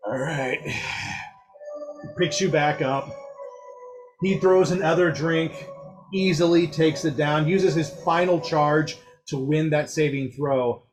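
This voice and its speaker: A man narrating as dungeon master in a relaxed, unhurried way with fillers. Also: a little high, faint music behind. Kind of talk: narrating a tabletop game.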